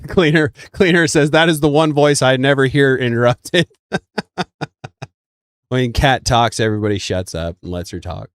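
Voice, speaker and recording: A man hosting a livestream in casual chat, relaxed, reading out viewer comments. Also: mid-range voice, normal speed, smooth, no room sound, clean studio sound. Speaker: livestream host.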